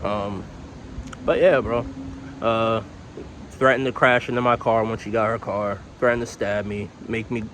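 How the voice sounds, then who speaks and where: A man's voice: on the low side, fairly even intonation, a little slow, a bit bright, slight background noise, rough recording. A young man telling a personal story in a casual storytime vlog, rambling, candid and profane.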